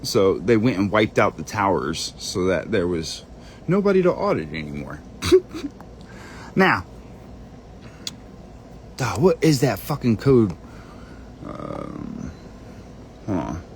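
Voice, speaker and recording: A man's voice: lowish voice, huge pitch swings, takes it slowly, long pauses, a little hiss or hum. A man rambling while he searches through documents on screen, muttering to himself and cursing under his breath. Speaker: channel host. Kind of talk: rambling screen-share monologue.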